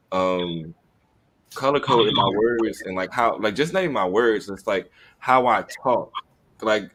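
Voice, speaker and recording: Man, very deep voice, easygoing podcast talker who acts out quoted voices, light hiss. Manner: chatty and animated, with laughs and quoted voices. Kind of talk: casual podcast chat.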